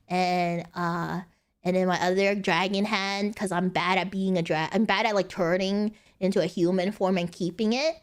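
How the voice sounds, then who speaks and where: A woman's voice: on the low side, fairly even intonation, moderate pace. A young woman streaming casually, rambling playfully and laughing often. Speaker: VTuber streamer. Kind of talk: casual live-stream chat.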